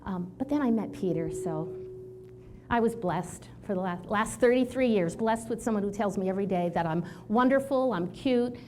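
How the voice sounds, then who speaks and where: A chiropractor in her sixties giving an animated storytelling talk to an audience, acting out the people she quotes. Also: medium pitch, moderate pace, slight background noise. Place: event hall with audience.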